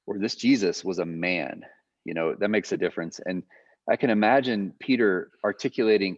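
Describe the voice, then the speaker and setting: A man's voice: low voice, no room sound. A man giving a guest lecture in a loose, conversational way, thinking aloud with frequent fillers. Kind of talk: conversational teaching. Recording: muffled lo-fi audio.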